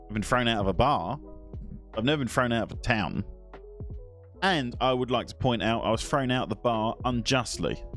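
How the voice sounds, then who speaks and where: A man streaming live, chatting casually to his viewers, rambling and swearing as he reacts. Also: on the low side. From England. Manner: swears, rambling, talks to chat.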